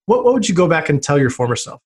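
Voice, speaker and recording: A man's voice: a little high, big pitch swings, fast, darkish tone, husky. A man hosting the interview as the swim coach, asking questions in an encouraging way. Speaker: podcast host, swim coach. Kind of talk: casual interview.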